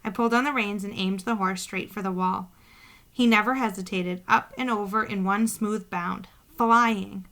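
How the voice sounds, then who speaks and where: A woman's voice: mid-range voice, fairly even intonation, normal speed, fairly bright tone. A woman narrating a novel in first person, reading steadily and plainly with the odd slip. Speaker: audiobook narrator.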